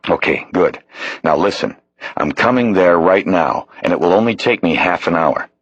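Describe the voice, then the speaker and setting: A man's voice: deep voice, animated, moderate pace, husky, no echo. A man voicing a male police detective giving firm, urgent instructions.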